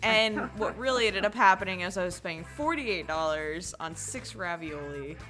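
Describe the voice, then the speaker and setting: A young woman from Florida, co-hosting a podcast and telling a story in casual chat, lively and swearing, often breaking into laughter. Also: on the low side, normal speed, over music. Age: young adult. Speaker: podcast co-host.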